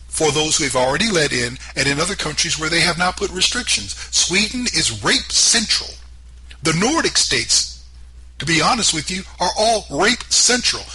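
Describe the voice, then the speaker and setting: A man's voice: a little high, pushed and bright, a little hiss or hum, rough recording. A man hosting a political commentary show, talking emphatically and firing off sarcastic rhetorical questions. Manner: sarcastic, mocking asides. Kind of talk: opinionated political commentary monologue.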